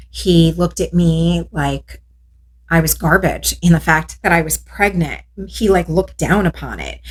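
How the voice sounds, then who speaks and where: A woman's voice: low-pitched, husky. A woman in her thirties telling her own story in a casual vlog, acting out what others said. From New York State. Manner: animated retelling that acts out the other voices.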